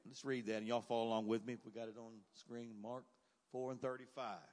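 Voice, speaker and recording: Preacher, echoing church hall. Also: male voice, medium pitch, little pitch movement, fast. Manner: swells from quiet asides to loud, emphatic cries. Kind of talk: sermon.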